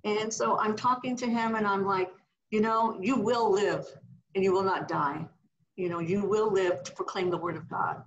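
A middle-aged woman minister, a podcast guest, telling a healing testimony in an animated way and acting out the voices she quotes. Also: medium pitch, moderate pace, muffled recording, a little hiss or hum. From California.

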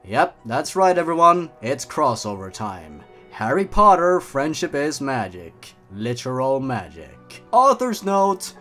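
A man narrating and mocking the stories he reads, with sarcastic, deadpan asides. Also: medium pitch, a little slow, hardly any pauses, faint music behind. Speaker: YouTuber narrator. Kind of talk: comedic reading with commentary.

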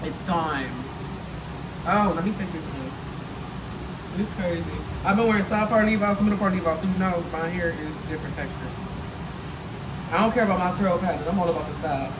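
A woman's voice: fairly low pitch, animated, normal speed, long pauses. A young woman vlogger chatting casually as a salon client, hyping along with the story. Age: young adult. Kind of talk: casual chat. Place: hair salon, indoors. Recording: loud background noise.

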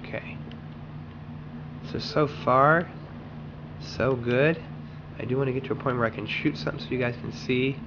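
A man's voice: mid-range voice, fairly even intonation, moderate pace, pauses often, muffled recording, noisy background. A man hosting a gaming channel, chatting casually and rambling to himself while he plays. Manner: rambling, self-talking while playing. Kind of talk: casual gameplay commentary.

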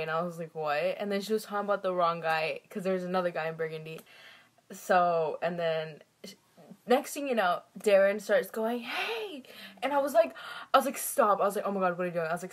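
A teenage girl vlogging casually, giggly and gossipy, filling her talk with "literally" and "like.". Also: medium pitch. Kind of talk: casual vlog chat. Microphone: phone camera. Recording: noisy phone video.

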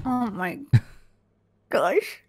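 A woman playing a video game with a partner, excitable and bossy, shrieking and calling out commands. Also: medium pitch, very slow, husky. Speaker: gaming co-host. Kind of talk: casual game commentary.

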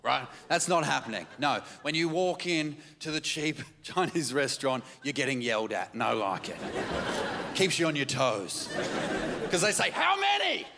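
A man, performing a stand-up comedy set with animated storytelling and quick jumps into quoted voices. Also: medium pitch, a faint crowd. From Australia. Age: 30s. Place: large comedy theatre stage. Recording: live hall with audience noise.

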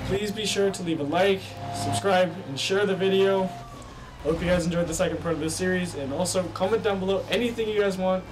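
A man's voice: sits high, background noise. A young man giving joking gameplay commentary, goofily talking back to game characters. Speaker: gaming YouTuber. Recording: gameplay audio with sirens under voice.

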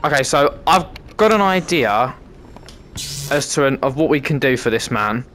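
A man's voice: mid-range voice, lively intonation, normal speed, a bit bright, slight background noise. A British man giving cheeky, sweary commentary while playing a VR game. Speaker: gamer content creator. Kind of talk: casual gameplay commentary.

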